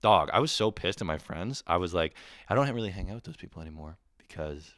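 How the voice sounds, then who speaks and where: A man's voice: deep voice, lively intonation, fast, a bit bright, dry recording, studio quality. A Canadian man in his twenties ranting profanely in a comedic monologue, swinging into bursts of mock voices. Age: 20s. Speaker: comedian podcast host.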